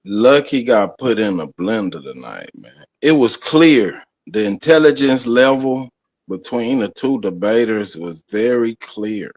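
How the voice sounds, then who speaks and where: A man with a fairly low voice, chatting casually. He taunts the other side in a flat, matter-of-fact way. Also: unhurried. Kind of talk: casual chat.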